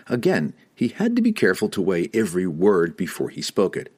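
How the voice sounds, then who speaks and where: A man with a deep, husky voice narrates a fantasy audiobook. His reading is dramatic and expressive, with pitch that swings widely from line to line. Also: a little fast.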